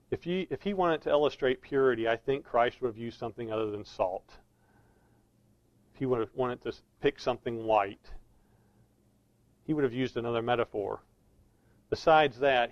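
A man preaching an expository sermon, earnestly leaning on key words and slowing down for emphasis. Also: mid-range voice, no room sound, lo-fi sound.

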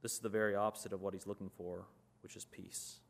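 Man, low voice, sermon, earnest and conversational, reads scripture aloud. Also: level tone, fast, creaky. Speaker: preacher.

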